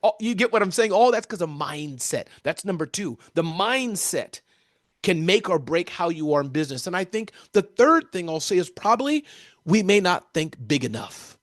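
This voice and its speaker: A high-pitched American man talks with lively, animated energy, answering interview questions like a seasoned keynote speaker. His voice sounds dry and close, with no room in it. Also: normal speed, dry recording. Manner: energetic, animated, often addresses the interviewer by name.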